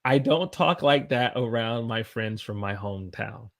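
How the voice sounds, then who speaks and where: Here a man with a medium-pitched, fairly bright voice and Southern US accent teaches English pronunciation. His pace is slow, he says demonstration words repeatedly, and he answers comments from viewers.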